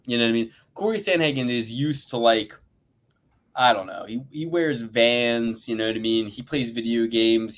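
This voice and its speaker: A man co-hosting a podcast, ranting loudly and boastfully with big swings in pace and pitch and frequent laughter. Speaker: podcast co-host. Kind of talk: profane ranting fight predictions.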